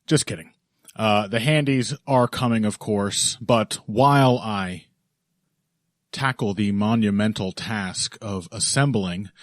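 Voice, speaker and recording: A man's voice: lowish voice, no room sound, studio quality. A man hosting a podcast in casual chat, joking and laughing often. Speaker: podcast host.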